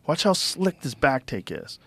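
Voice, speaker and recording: Pria pembawa acara podcast yang mengobrol santai dan bersemangat, sering mengumpat saat menjelaskan sesuatu. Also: male voice, mid-range voice, measured pace, husky, no room sound. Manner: animated, swears freely, explains with enthusiasm. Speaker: podcast host. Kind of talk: casual studio chat. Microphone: studio microphone.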